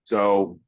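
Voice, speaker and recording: A man in casual podcast chat, talking bluntly with lots of swearing and drawn-out pauses. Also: no echo. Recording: dry, dull lo-fi sound.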